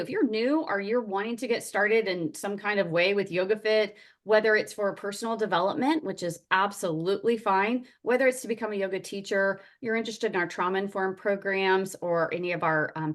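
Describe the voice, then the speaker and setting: A woman's voice: medium pitch, a little fast, fairly bright tone. A woman yoga teacher leading an online workshop over a video call, chatty and upbeat, greeting attendees by name. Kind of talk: casual online workshop talk.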